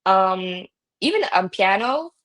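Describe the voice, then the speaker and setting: A woman from Germany whose first language is German, an independent musician guesting on a casual interview, talking in an animated way with frequent laughter and casual swearing. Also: mid-range voice, takes it slowly.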